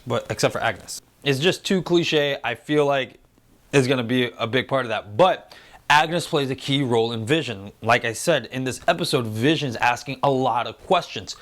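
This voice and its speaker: A man's voice: mid-range voice, fairly bright tone. Chatty man in his thirties hosting. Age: 30s. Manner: loose and chatty, swears freely, acts out quotes in silly voices. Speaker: host. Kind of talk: casual spoiler review chat.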